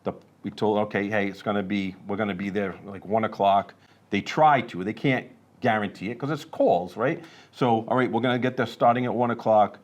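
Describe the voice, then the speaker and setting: A man's voice: lowish voice, fairly even intonation, a little fast. A man, co-hosting a casual podcast and telling stories from his real estate work in a conversational way. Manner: conversational, storytelling with asides.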